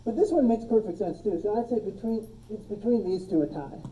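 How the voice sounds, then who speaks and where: A woman teaching a logic class, relaxed, quizzing her students and joking with them, recorded on a phone in a classroom. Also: medium pitch, fairly quick, recorded from a distance, poor audio. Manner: relaxed, asks the class questions and jokes. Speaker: logic instructor. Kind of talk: classroom lecture. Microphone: phone streaming the class.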